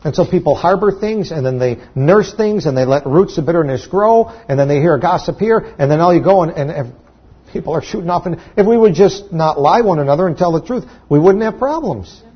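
A pastor delivers a sermon in a husky, raspy voice that sits a bit high for a man. He talks conversationally, stumbling into restarts and then climbing to emphatic peaks. The recording sounds dull and lo-fi. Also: expressive, fairly quick.

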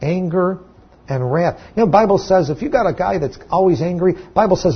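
A man's voice: sits high, animated, a little fast, husky, lo-fi sound. A man preaching a sermon to his church, talking in a conversational way with restarts and sudden emphatic peaks. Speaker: pastor.

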